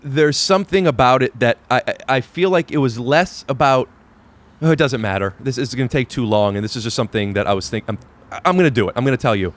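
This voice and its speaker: Host guy on a balcony, kinda halting, keeps restarting, earnest. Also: medium pitch. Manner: halting, self-interrupting, earnest. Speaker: podcast host. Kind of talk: casual chat. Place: outdoor balcony by a street.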